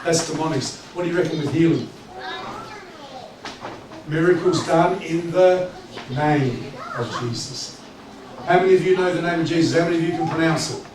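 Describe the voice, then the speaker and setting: Man, pastor preaching, animated and jokey, echoey distant church hall. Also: a little high, moderate pace, long pauses, noisy background. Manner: animated, joking, conversational preaching. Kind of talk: sermon.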